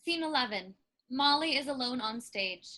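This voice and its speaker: A woman's voice: high voice, animated, moderate pace, pushed and bright. A woman reading stage directions plainly and matter-of-factly.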